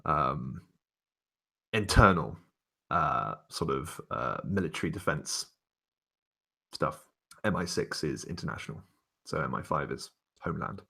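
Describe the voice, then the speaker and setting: Deep-voiced male game master, relaxed rambling narration. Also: unhurried, gravelly, pauses often, slightly rough. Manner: relaxed, wordy narration with fillers.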